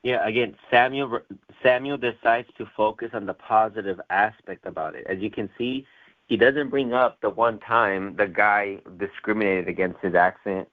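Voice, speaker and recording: A man's voice: fairly low pitch, moderate pace. A man hosting a motivational sales call interview, talking in rambling bursts with many fillers and "right?" tags. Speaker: host. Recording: tinny phone line.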